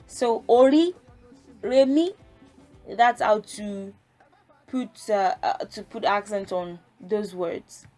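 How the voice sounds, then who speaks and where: Slow, patient woman teaching a language. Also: fairly high pitch. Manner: patient, explains step by step, sings out tone syllables. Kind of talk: casual spoken lesson.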